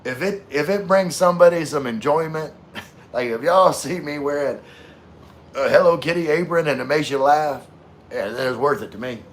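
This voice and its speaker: A man's voice: on the high side, normal speed, slight background noise. A man hosting a casual live stream, reading viewer comments aloud in an easygoing way with frequent laughs. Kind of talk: casual livestream chat.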